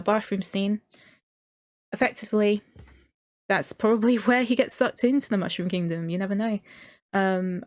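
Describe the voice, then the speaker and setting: A woman's voice: medium pitch, no echo. A woman streamer chatting casually and enthusiastically about a movie trailer, with many fillers and little laughs. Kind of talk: casual commentary.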